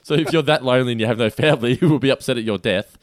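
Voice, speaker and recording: A mid-range-voiced man co-hosts a podcast, chatting casually over a trivia quiz at rapid-fire speed. He's laid-back and hesitant, restarting sentences and laughing often, and the clean studio recording has no room sound.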